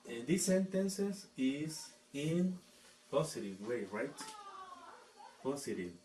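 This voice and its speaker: A male teacher walks through a grammar lesson at an unhurried pace, his pitch rising and falling expressively. He keeps pausing to check that the class follows. The recording is roomy and distant, with steady background noise. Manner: slow, deliberate, often checks with "right?". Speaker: English teacher. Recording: echoey room, distant mic, noisy background.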